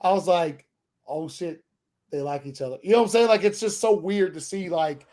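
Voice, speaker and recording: Man, high voice, casual streaming host, profane, rambling, restarts often. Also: normal speed, dark tone. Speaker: podcast host. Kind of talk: casual chat.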